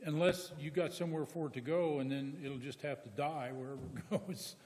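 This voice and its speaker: A man giving a relaxed, casual report to county commissioners, laughing easily. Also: on the high side, a little fast, in a large hall, a little hiss or hum. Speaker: county department head. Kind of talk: casual report at a public meeting. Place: county meeting room.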